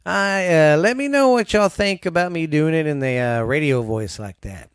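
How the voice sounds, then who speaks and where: A man's voice: on the high side, animated, moderate pace, clear, resonant tone, dry recording, clean studio sound. A man chatting casually and easily as a podcast host.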